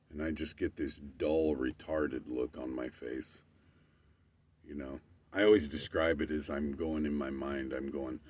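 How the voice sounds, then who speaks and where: Deep-voiced man, cursing and emphatic. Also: a little mellow. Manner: profane, emphatic rambling. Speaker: storyteller. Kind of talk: casual monologue.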